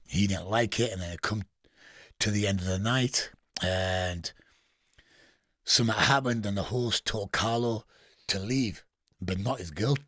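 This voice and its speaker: This Englishman speaks with a Geordie accent and a fairly low pitch, recounting prison stories as a guest on a podcast. He's blunt, swears constantly, and cracks up at his own anecdotes in a relaxed interview setting. The recording is dry and clean, studio-grade.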